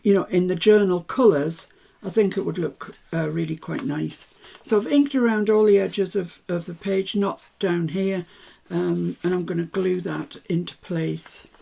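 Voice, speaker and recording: An older woman talks viewers through a craft project in a relaxed, chatty way. Her voice is strongly gravelly, dark and a little husky. She throws in self-mocking asides as she works. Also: lowish voice, measured pace, few pauses. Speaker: craft tutor. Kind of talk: live craft demonstration.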